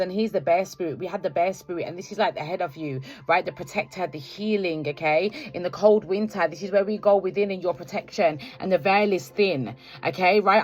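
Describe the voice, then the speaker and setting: A woman giving a spiritual tarot reading to viewers, ending almost every phrase with "okay? right?" and calling them "collective". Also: lowish voice. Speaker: tarot card reader.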